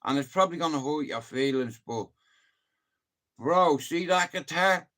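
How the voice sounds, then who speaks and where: A Dublin Irish man chatting casually on a live stream, telling animated stories and swearing freely. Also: fairly high pitch, measured pace.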